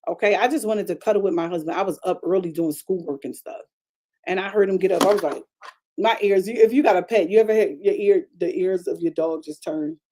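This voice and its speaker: Woman pastor preaching, mellow and chatty. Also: on the low side, a little fast. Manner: chatty, repetitive, calls out to the congregation; animated preaching with frequent restarts. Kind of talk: conversational broadcast sermon.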